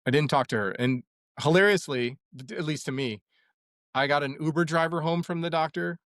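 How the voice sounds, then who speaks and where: A young man, a podcast guest, telling a story in a loose, animated way with lots of fillers. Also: fairly high pitch, fairly quick, dry recording, clean studio sound. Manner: rambling, animated retelling with many fillers. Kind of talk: casual storytelling.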